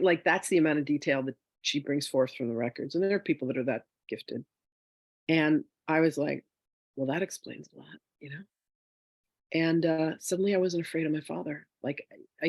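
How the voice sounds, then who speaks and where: A woman's voice: low voice, breathy edge, dry recording. A woman teaching a spiritual class in a candid, chatty way, telling a personal story with many "you know" asides.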